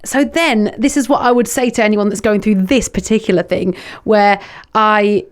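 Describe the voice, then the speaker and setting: A woman's voice: medium pitch, fairly even intonation, normal speed. A woman in her thirties with a Midlands accent, a podcast guest talking frankly and self-mockingly, laughing easily, in a studio. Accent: English Midlands. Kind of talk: frank casual chat.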